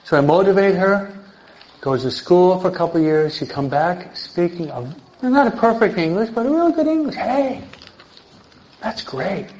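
An older man, a priest teaching an adult catechism class in a lively sermon style, emphatic and often checking in with his listeners. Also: high voice, moderate pace. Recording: dull lo-fi recording.

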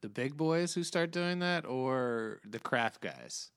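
A man's voice: medium pitch, lively intonation, takes it slowly, fairly bright tone, smooth. A man co-hosting a casual chat, laughing often and asking his questions hesitantly. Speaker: podcast co-host.

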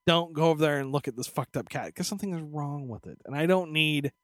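A man co-hosting a podcast, telling stories in casual chat, animated and profane, slipping into voiced asides. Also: fairly high pitch, quick pace, dry recording, studio quality. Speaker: podcast co-host.

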